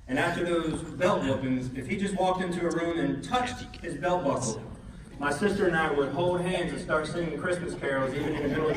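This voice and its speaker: A man in his forties gives a humorous, heartfelt eulogy, chuckling at his own stories. His voice sits a little high for a man. It is picked up from a distance in a big, echoing hall. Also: background noise. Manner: self-deprecating, chuckling often, earnest. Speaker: son giving a memorial tribute. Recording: echoey hall recorded from far off.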